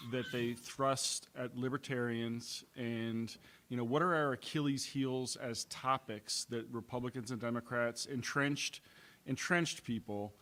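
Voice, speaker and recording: A man's voice: medium pitch, fairly bright tone. A man earnestly asking a question from the floor at a convention, searching for words. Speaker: audience member asking a question. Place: convention meeting room.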